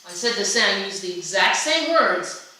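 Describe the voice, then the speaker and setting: A woman presenting a workshop in a chatty, animated way, often restarting her sentences. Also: mid-range voice, moderate pace. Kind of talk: conversational seminar talk. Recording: echoey room from a distance with faint noise.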